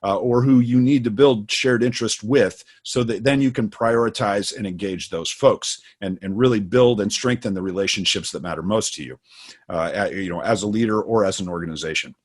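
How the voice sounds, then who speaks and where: A man's voice: fairly low pitch, brisk. A middle-aged man co-hosting, explaining ideas in a casual way with plenty of fillers, restarts and personal stories. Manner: storytelling, many fillers and restarts. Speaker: co-host. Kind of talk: casual instructional talk.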